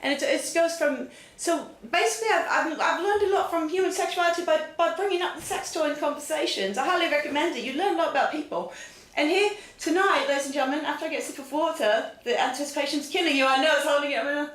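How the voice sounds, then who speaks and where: A woman with a high voice hosts a mock talk show in a theatrical, giggly way. She keeps turning to the audience. Her voice echoes around a roomy space. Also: fast talker. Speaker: comedic talk show host. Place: home studio, roomy. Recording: echoey room.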